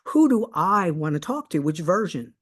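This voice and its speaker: A manifestation coach giving a motivational talk and telling a personal story, earnest and emphatic, slowing right down on key points. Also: medium pitch. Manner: animated storyteller, acts out both sides of conversations.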